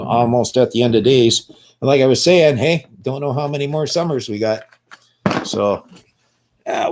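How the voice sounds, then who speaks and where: Older man, low husky voice, blunt and foul-mouthed, rambling casual monologue. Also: darkish tone. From Canada.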